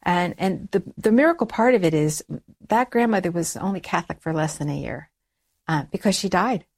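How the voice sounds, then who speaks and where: Middle-aged woman guest telling her story, slightly low voice, jumps up high when quoting folks. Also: a little fast. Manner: animated storytelling, acts out quoted dialogue in a raised voice. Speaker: interview guest. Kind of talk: personal conversion story in conversation.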